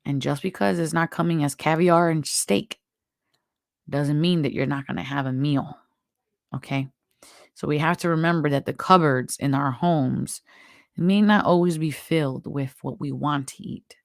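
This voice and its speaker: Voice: medium pitch, moderate pace, gravelly, no echo, studio quality. A tarot reader hosting a live stream, giving chatty, encouraging spiritual advice with a strained, worn-out throat. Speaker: tarot reader and show host.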